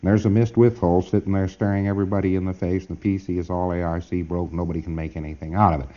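A man's voice: sits low, level tone, fast, dark tone, lo-fi sound. A man giving an informal training lecture, emphatic and wry, often checking that his listeners follow.

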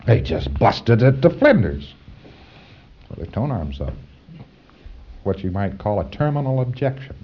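A man giving an informal lecture to trainees, halting with fillers and repeating words for stress. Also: lowish voice, big pitch swings, dull audio, background noise.

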